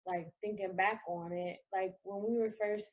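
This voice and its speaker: A woman's voice: mid-range voice, steady tone, normal speed, narrow, tinny audio. A woman co-hosting a casual dating talk show, chatty and giggly. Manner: chatty and giggly, full of fillers. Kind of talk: casual chat.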